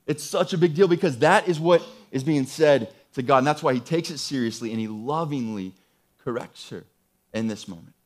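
A man's voice: medium pitch, normal speed. A man preaching a sermon in a conversational, emphatic way, often repeating phrases. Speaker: pastor.

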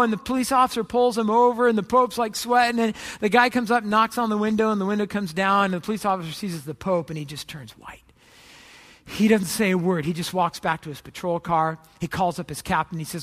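A man's voice: very high voice, fairly quick, bright, forceful tone, long reverb tail. A man preaching a sermon, telling a joke and Bible stories in a casual, conversational way with many restarts. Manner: casual storytelling, with joking asides and restarts. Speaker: pastor.

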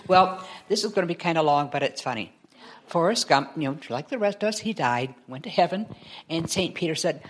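A woman tells a long joke to a group as an animated storyteller who laughs while telling it. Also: sits low, a little fast, slightly rough.

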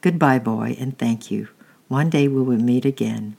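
A storyteller voicing a willful, quick-tempered rich little girl in a read-aloud book. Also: medium pitch, creaky, darkish tone, husky. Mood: imperious. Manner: commanding, defiant.

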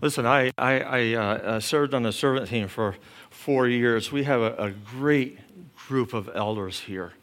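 A middle-aged man preaching a sermon as pastor, building points through emphatic repetition and dropping to soft murmurs. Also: mid-range voice, unhurried.

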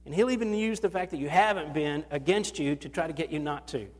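A man's voice: a little high, brisk. Preacher man with a hall's long echo. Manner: conversational preaching with acted-out quotes and repeated restarts. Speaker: pastor. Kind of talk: sermon. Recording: long reverb of a large hall.

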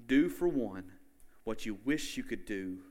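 A man's voice: fairly low pitch, lively intonation, measured pace, a little mellow. A man preaching a sermon in a casual, conversational way, often saying "like" and checking in with his listeners. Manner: casual and chatty, with frequent "like" and questions to the listeners.

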